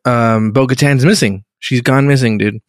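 A man's voice: mid-range voice, normal speed, no echo, studio quality. A man casually recapping a TV episode on a podcast, rambling, swearing and laughing through his sentences. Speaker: podcast co-host.

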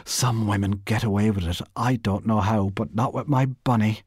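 A man's voice: fairly low pitch, fairly even intonation, moderate pace, darkish tone, slightly rough, no echo, clean studio sound. A man reading aloud voices a proud, talkative middle-aged wife in a raised, chattering, indignant voice. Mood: scornful proud.

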